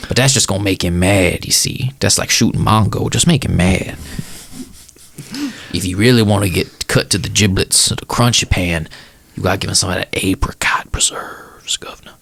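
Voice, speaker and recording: A man voicing a folksy Southern informant, Pete Pan, in a put-on American Southern drawl with a gravelly voice. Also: sits low, normal speed, a bit bright, no room sound, whispered, full character voice. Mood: sly, conspiratorial.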